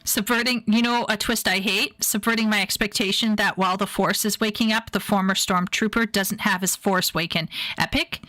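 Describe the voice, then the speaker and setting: A woman's voice: medium pitch, normal speed, sharp tone, no echo, rough recording. A woman streaming and reacting to videos, chatting casually, playful and emotional with lots of repeated phrases.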